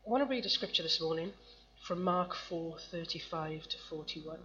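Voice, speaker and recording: A woman's voice: low-pitched, normal speed, pushed and bright. A woman preaching a sermon to a congregation, reading scripture and asking the room questions in a conversational way. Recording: muffled lo-fi recording with faint hum.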